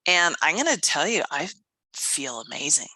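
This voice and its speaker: A woman's voice: deep voice, moderate pace, no room sound, low-quality recording. A woman in her fifties co-hosting a podcast, chatting casually and enthusiastically and laughing often. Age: 50s. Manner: animated and enthusiastic, laughs often, acts out quoted voices. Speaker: podcast co-host. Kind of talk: casual chat.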